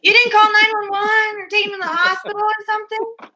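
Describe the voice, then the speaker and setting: A woman improvising a scene, asking quick questions and narrating cuts. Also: very high voice, level tone, over a noisy crowd. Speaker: improv performer.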